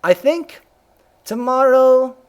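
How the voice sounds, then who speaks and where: A man's voice: very high-pitched, lively intonation, takes it slowly, clean tone. A man streaming a video game live, chatting casually, reading game text aloud and humming to himself, his voice a little worn.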